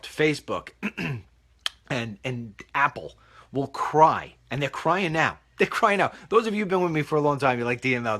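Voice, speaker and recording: A man's voice: medium pitch, fairly bright tone. A middle-aged man hosting a talk show, speaking emphatically and repeating himself while out on a walk. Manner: emphatic, repetitive, preachy. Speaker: host. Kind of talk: walking talk commentary. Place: outdoors walking.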